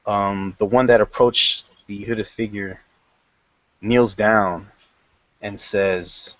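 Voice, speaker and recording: A man narrates a tabletop game as game master, halting often and correcting himself. He speaks very slowly in a lowish voice. The recording is dry and dull, with a lo-fi sound. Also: fairly even intonation, a bit bright, dry recording. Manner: halting, with many fillers and restarts.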